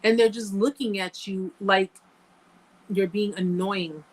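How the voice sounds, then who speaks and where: A woman hosts a live-stream chat and talks to her viewers in an earnest, emphatic way. Her voice sits at an average pitch for a woman. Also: fairly even intonation, slow, rough recording. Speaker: host answering live chat.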